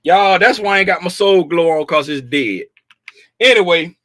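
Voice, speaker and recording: A middle-aged man with a high-pitched, somewhat bright voice hosts a casual trading livestream from a room at home, speaking at a moderate pace. He's playful and folksy, calling out viewers by name as he comments on trading. There's no room sound, and the audio is clean, studio-like.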